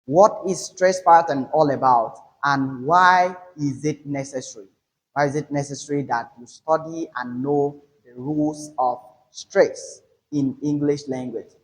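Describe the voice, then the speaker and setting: A male English teacher explains pronunciation rules in a slow, deliberate way. His voice sits a little high for a man, and he leans on key words to stress them. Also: fairly even intonation, rough recording. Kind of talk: classroom lesson explaining.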